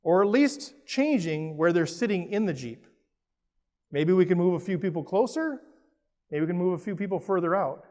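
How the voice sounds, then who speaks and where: A middle-aged man from Minnesota with a Minnesotan accent, giving a lively, playful motivational talk to a conference audience and asking them questions. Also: high-pitched, moderate pace. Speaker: keynote speaker. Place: large conference hall with an audience. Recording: roomy hall reverb.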